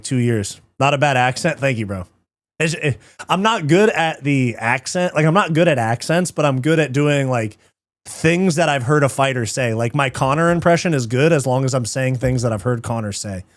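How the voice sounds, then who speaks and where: A man's voice: mid-range voice, no echo. A man hosting a live fight watch party, chatting casually, reading chat aloud, swearing often and laughing easily.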